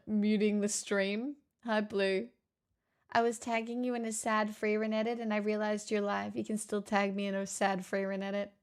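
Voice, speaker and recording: A woman's voice: medium pitch, completely flat delivery, normal speed, smooth. A woman livestreaming, chatting playfully and teasingly with her viewers. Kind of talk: casual live-stream chat.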